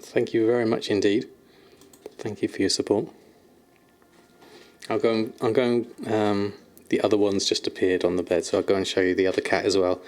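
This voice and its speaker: A man's voice: on the low side, little pitch movement, normal speed, pauses often, darkish tone. A man streaming from home, chatting casually with viewers and cooing affectionately at his kittens, laughing often. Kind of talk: casual live-stream chat. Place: at home, indoors.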